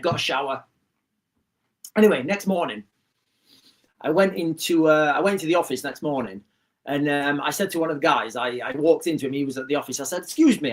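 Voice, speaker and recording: A man's voice: a little high, fairly bright tone. A middle-aged man, hosting a livestream and telling a rambling story to his chat with many restarts. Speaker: livestream host. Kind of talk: casual storytelling to a live chat.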